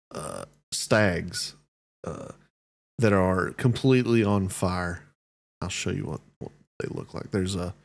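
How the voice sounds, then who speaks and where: A man narrating as game master of a tabletop game, relaxed and halting with many fillers. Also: lowish voice.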